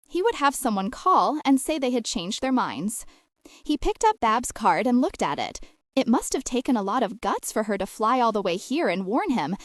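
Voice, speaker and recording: A woman narrating an audiobook novel with expressive, lively storytelling. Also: on the high side, no room sound, clean studio sound. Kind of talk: scripted narration.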